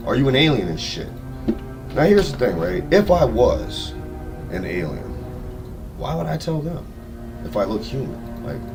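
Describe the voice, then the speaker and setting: Animated man rambling a tall tale. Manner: swearing, animated, swings from low mutters to loud outbursts. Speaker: live streamer telling made-up stories. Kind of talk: improvised rambling storytelling. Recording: distant mic with music playing.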